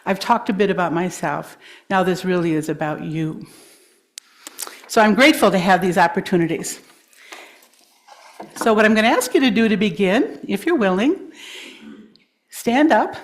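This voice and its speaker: A woman with a mid-range voice addresses a congregation, leading a breathing and grounding exercise in a gentle, encouraging way. She laughs easily and warmly invites people to join in. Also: medium pitch, lively intonation, normal speed, long pauses. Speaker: guest speaker. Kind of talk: guided breathing exercise in a talk. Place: congregation hall.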